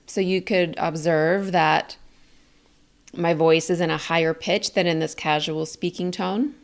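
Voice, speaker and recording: A woman teaching a communication lesson in a calm, clear, explaining way. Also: deep voice. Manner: calm, explains slowly and clearly, demonstrates statements. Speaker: communication coach.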